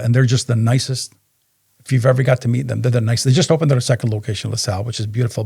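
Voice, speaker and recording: Gravelly-voiced man telling stories. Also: medium pitch. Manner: animated storyteller who acts out dialogue. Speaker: business co-founder, podcast guest. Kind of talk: casual interview storytelling.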